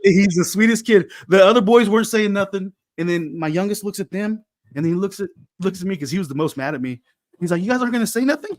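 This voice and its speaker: A man in his forties telling a story in casual chat, animated and acting out the voices of the people in it. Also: high-pitched, brisk, no echo, studio quality. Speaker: podcast co-host.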